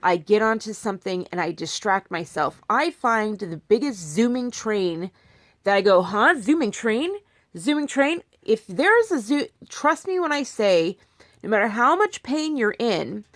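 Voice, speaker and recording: A woman's voice: mid-range voice, a bit bright, dry recording, studio quality. A young woman vlogging casually to her phone while in pain, talking in a rambling way with many restarts and asides. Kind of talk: casual talk to camera.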